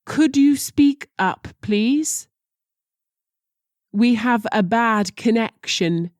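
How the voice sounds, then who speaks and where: Woman teacher reading phrases super slow, mellow dark voice, dry sound. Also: on the high side, animated, no room sound. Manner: slow and deliberate, careful pronunciation. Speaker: language teacher.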